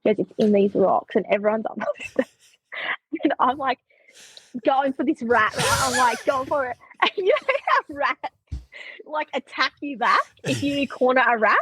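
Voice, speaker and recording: A young Australian woman telling stories as a podcast guest, animated, laughing often and saying "like" a lot. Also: high-pitched, normal speed, slightly rough, poor audio. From Queensland, Australia. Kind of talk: casual storytelling.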